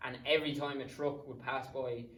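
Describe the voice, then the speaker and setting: A man's voice: mid-range voice, steady tone, brisk, a bit bright, a little hiss or hum. A young Irish man in his twenties, a podcast guest telling stories in a casual, rambling way, swearing freely and drifting into asides. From Ireland. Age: 20s. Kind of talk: casual storytelling. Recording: roomy sound, distant mic.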